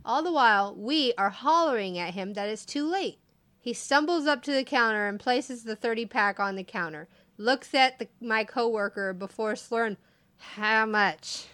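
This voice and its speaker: A woman's voice: a little high, animated, normal speed, a bit bright, dry recording. A woman casually telling funny work stories, laughing often as she goes. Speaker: podcast co-host telling stories. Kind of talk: casual storytelling chat.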